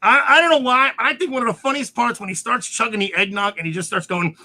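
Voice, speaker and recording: A man co-hosting a casual podcast chat, excitable and ranting, often raising his voice to a shout. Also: very high voice, quick pace, a little hiss or hum. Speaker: podcast co-host.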